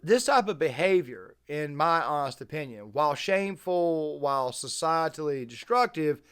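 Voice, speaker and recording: A man's voice: on the high side, animated, normal speed, fairly bright tone, clean tone. A man hosting a reaction commentary, talking emphatically and wordily and repeating his phrases. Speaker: channel host.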